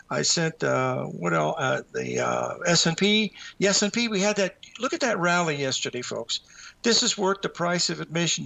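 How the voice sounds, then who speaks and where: A man's voice: a little high, vocal fry, a bit bright. A man hosting a live market show, out of breath, rambling as he walks through trading charts and talks to himself.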